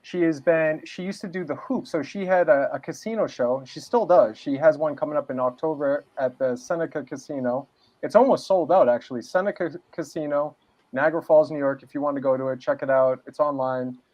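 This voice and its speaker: A man's voice: a little high, fairly quick, darkish tone. A man from New England chatting casually as a podcast guest, laid-back and saying "man" and "dude" a lot. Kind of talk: casual interview chat. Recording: dull lo-fi sound.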